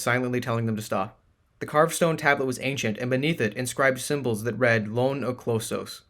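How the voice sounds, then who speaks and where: A man reading scripted audiobook narration in a measured, even way. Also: medium pitch.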